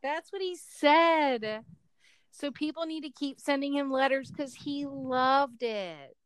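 A woman and mother co-hosting a casual family podcast, teasing and quick to argue. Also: high-pitched, dry recording, studio quality.

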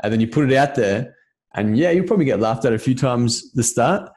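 A man's voice: mid-range voice, lively intonation, brisk, darkish tone. A man in a casual podcast chat, earnest and loose, often checking in with the listener. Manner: earnest, loose, keeps asking "you know what I mean".

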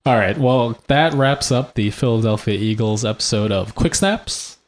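A man's voice: medium pitch, normal speed. A man co-hosting a casual sports podcast, talking loosely with jokes and laughter. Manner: loose, laughing, joking banter. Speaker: podcast co-host.

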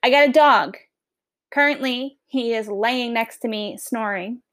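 A woman with a Long Island New York accent talks in a fairly high voice. She is a teacher introducing herself on a podcast, chatty, upbeat and a little rambling. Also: measured pace, a bit bright. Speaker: history teacher. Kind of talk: casual podcast self-introduction.

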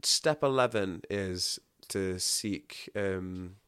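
A man with a low, smooth, resonant voice, talking casually as a guest. He tells animated stories and laughs often. The sound is dry and close. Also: very slow, no room sound. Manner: animated, laughing, acts out quotes. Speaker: podcast guest. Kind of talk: casual storytelling chat.

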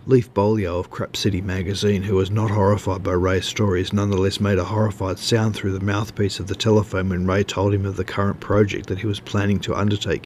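A man narrating a story in a steady, measured reading voice. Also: low voice, a little hiss or hum.

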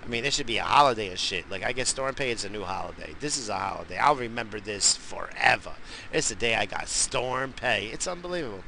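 This podcast host is a middle-aged New Yorker whose gravelly voice is very bright, pitched on the low side, and moves a little fast. He rambles through crude, boisterous stories packed with profanity in a casual monologue, with faint noise beneath the recording.

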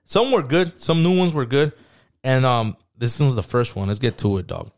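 Dude cohosting a podcast, mid pitch, swears a lot, slangy storytelling w spanish bits. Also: male voice, big pitch swings, moderate pace, darkish tone. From Mexican-American family. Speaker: podcast co-host. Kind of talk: casual podcast chat.

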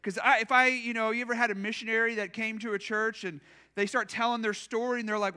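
A man's voice: sits high, steady tone, fast talker, pushed and bright, clean tone. A man preaching a conversational sermon as pastor in a church, casual and self-deprecating, acting out imagined quotes.

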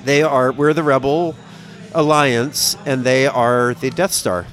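A man's voice: medium pitch, steady tone, slow, fairly bright tone, faint music behind. A man from the American Midwest, co-hosting a casual podcast chat and telling long, rambling stories full of swearing. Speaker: podcast co-host.

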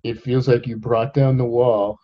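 A man hosting an interview, reflective, slowly repeating his guest's words back to her. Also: mid-range voice, level tone, lo-fi sound. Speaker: host. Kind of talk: podcast interview.

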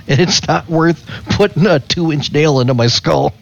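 A man's voice: fairly high pitch, normal speed, vocal fry. A man co-hosting a casual podcast, reading news articles aloud and often laughing as he goes. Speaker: podcast co-host. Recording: dull lo-fi sound with faint music.

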